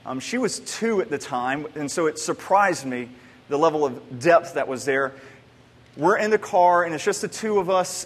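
Husky high-voiced man preaching in a hall. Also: a bit bright. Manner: conversational storytelling with many restarts. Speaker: pastor. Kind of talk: sermon. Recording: long hall reverb.

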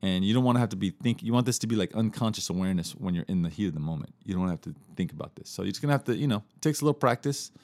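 A man hosting a podcast, teaching communication skills in a relaxed, casual way, with fillers and restarts. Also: fairly low pitch, rapid-fire, few pauses, no room sound. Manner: relaxed, repeats himself, many fillers and restarts.

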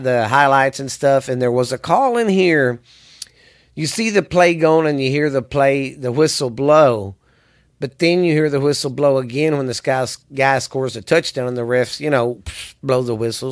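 A man's voice: medium pitch, a bit bright. A man hosting a sports podcast, ranting angrily and rambling with lots of cursing. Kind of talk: profane ranting commentary.

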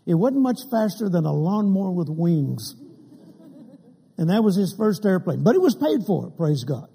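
Husky older preacher in a reverberant hall. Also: male voice, high-pitched, warm tone. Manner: humorous anecdotes with acted quotes. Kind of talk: sermon storytelling.

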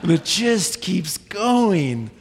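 A man in his thirties preaching a sermon, animated, with sudden high bursts when he acts out children. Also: drawn-out words, a little hiss or hum. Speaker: pastor. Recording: long reverb in a large hall.

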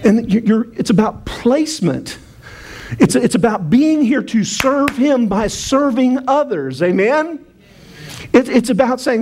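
High, gravelly preaching man. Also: animated, a little slow, darkish tone. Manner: playful, self-mocking preaching with call-and-response. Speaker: pastor. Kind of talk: sermon.

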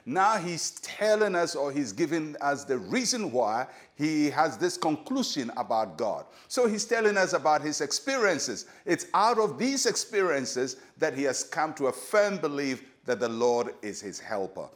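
An older Ghanaian pastor preaching a short devotional with measured emphasis, leaning hard on key phrases. His voice sits a little higher than most men's. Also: sing-song. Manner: measured, emphatic preaching that slows for key lines and leads prayer.

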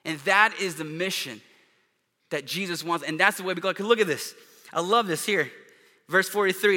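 A man delivers an earnest sermon, his fairly high voice sharp and very bright. He swells to emphatic peaks and then sinks to hushed, quiet lines. A long reverb hangs on every word, as in a church sanctuary. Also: normal speed. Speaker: pastor.

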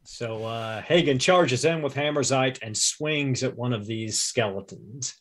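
Man, tabletop player, relaxed, matter-of-fact, mid-range voice. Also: mid-range voice, unhurried. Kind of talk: casual tabletop play.

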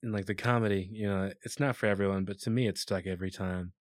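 A young man chatting casually about movies as a podcast guest, laid-back and quick to laugh. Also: deep voice, fairly even intonation, no echo, studio quality.

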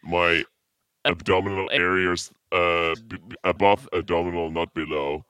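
A man's voice: low voice, flat delivery, normal speed, bright, forceful tone, clear, resonant tone, no echo. A man co-hosting a podcast in a casual chat, laid-back and goofy, stumbling over his words. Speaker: podcast co-host.

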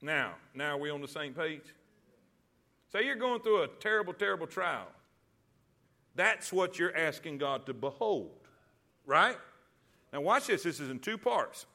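A man preaching a sermon, calling on the congregation to repeat lines back and building to loud emphasis. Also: high-pitched, big pitch swings, normal speed. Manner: call-and-response preaching, rising to loud emphasis. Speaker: pastor.

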